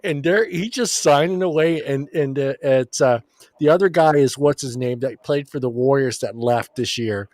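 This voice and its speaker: A man's voice: medium pitch, moderate pace, a little mellow, no echo, clean studio sound. A man co-hosting a casual sports chat show, telling long rambling stories and swearing casually. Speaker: podcast co-host.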